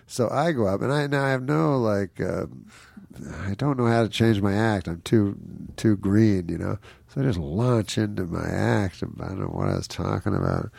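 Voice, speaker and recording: A man's voice: on the low side, expressive, normal speed, vocal fry, darkish tone, no room sound, clean studio sound. A middle-aged man, a guest comedian, telling a rambling, self-mocking anecdote in casual talk and acting out other people's lines.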